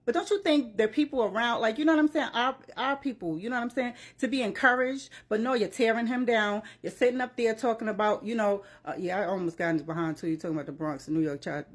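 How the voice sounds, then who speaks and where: A woman's voice: fairly high pitch, fast, few pauses. Passionate woman ranting to camera. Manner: passionate, preachy, repeats "you know what I'm saying"; uses "child" as address. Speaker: commentary vlogger. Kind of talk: emotional reaction commentary.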